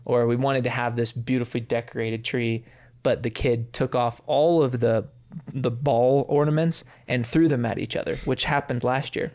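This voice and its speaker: A man's voice: medium pitch, steady tone, moderate pace. Man telling a family anecdote. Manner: warm anecdotal telling, acts out quotes. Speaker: podcast co-host. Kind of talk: casual storytelling.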